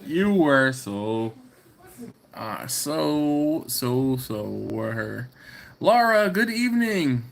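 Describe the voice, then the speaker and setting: A man's voice: medium pitch, big pitch swings, very slow, gravelly. A man from Philadelphia hosting a casual livestream, reading viewer comments aloud and laughing often. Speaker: livestream host reading chat. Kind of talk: casual live chat.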